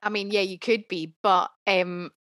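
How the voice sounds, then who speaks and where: A woman's voice: medium pitch, fairly even intonation, measured pace, a bit bright, no room sound. A woman questions things in a casual chat, sounding incredulous. Her voice is recorded dry and close.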